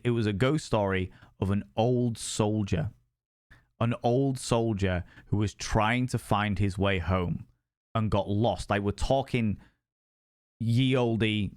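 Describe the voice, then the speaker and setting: A man's voice: lowish voice, no echo, clean studio sound. A man telling a ghost story on a live stream, sweary and rambling.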